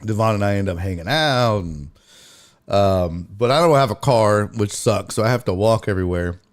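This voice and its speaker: A man's voice: fairly low pitch, normal speed. A male comedian and podcast host telling a story in casual chat, profane and exclaiming.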